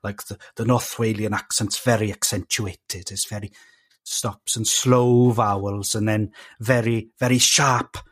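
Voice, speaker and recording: A man's voice: lowish voice, steady tone, measured pace, slightly rough. A man with a South Welsh accent, a guest on a casual podcast, talking with many fillers and restarts. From Wales.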